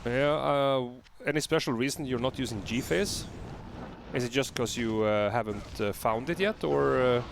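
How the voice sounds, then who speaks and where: A man streaming a video game, chatting casually with viewers and answering their questions with relaxed filler pauses. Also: mid-range voice, vocal fry, slight background noise.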